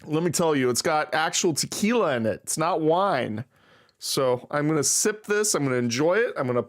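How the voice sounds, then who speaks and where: A man's voice: a little high, expressive, moderate pace. A man hosting a casual livestream, rambling and self-deprecating with plenty of swearing. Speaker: livestream host. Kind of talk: casual live-stream chat.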